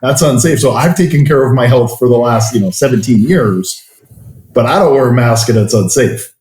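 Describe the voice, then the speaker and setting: A man's voice: mid-range voice, normal speed, darkish tone. Blunt fitness coach man in an echoey room. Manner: blunt and opinionated. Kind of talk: casual chat. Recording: roomy echo.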